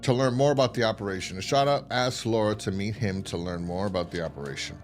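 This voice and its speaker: A man with a low voice hosts a casual review of a TV series. He rambles through the plot, swears freely and acts out characters' lines in quick voices. Faint music plays underneath. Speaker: podcast host reviewing a TV series.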